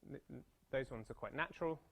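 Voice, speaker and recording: A thirty-something British man lectures on mathematics in a seminar room, his medium-pitched voice brisk, gravelly and husky. He keeps it chatty and self-deprecating, with playful anecdotes thrown in.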